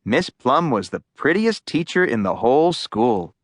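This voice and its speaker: A woman narrating a children's audiobook in a slow, lively storytelling voice. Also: a bass voice, no room sound, clean studio sound.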